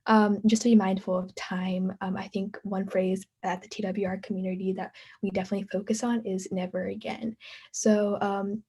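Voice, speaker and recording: A young woman moderates a panel over a video call. Her voice is mellow and breathy, and her intonation stays flat. She speaks politely and appreciatively. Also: mid-range voice, normal speed.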